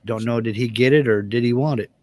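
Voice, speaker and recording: A man in his fifties joins a live stream as a guest and talks in a relaxed, joking manner. His voice sits at an ordinary middle pitch, and his delivery is folksy and easygoing. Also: quick pace. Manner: joking, laid-back, folksy. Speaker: panel guest. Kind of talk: casual chat.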